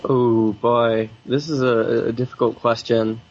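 A man answering as a panelist in a measured, hesitant way, often repeating words. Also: mid-range voice, little pitch movement, darkish tone, muffled recording. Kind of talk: panel discussion.

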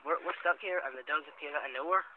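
A man's voice: fairly high pitch, rapid-fire. A man talking casually and a bit hesitantly with a friend while walking outdoors. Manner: cautious, hesitant. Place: outdoors on rural paths. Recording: phone-like sound with clear background noise.

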